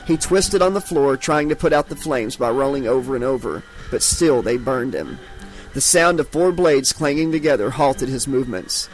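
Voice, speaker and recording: A man's voice: medium pitch, expressive, moderate pace, faint music behind, low-quality recording. Man narrating a horror audiobook dramatically. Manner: dramatic, voices each character.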